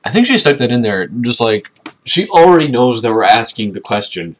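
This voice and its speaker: A man's voice: medium pitch, big pitch swings, normal speed. A man reading a book aloud and breaking off into sarcastic, mocking commentary between passages. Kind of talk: casual dramatic reading with commentary.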